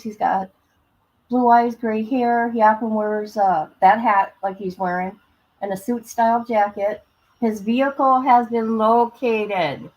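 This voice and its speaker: A chatty woman hosting a casual livestream, her voice pitched a little high. She talks loosely and easily, greeting viewers one by one as she goes. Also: a little mellow, low-quality recording. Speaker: livestream host.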